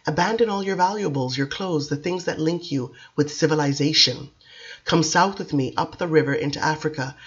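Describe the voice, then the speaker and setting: Brief: grave, soft-spoken female vampire, read by a woman, hushed and measured, slightly muffled recording. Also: low-pitched, breathy edge.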